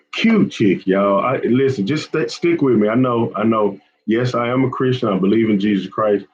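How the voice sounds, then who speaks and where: A man's voice: fairly low pitch, normal speed, hardly any pauses, darkish tone, muffled recording. Chatty man on a live stream. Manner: chatty, repetitive, often says man and y'all. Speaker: fishing channel host.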